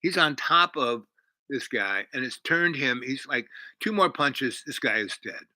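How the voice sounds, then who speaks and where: A man's voice: mid-range voice, lively intonation, unhurried, bright, forceful tone, dry recording, low-quality recording. A man casually retelling a story, rambling with many fillers and restarts. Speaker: host.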